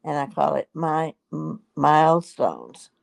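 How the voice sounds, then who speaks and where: This is a very old woman in her nineties, her voice deeply gravelly and rough. She talks in a halting, rambling way, full of restarts, over a dry, close sound. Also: expressive, no echo, rough recording. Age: 90s. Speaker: guest. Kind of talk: casual chat.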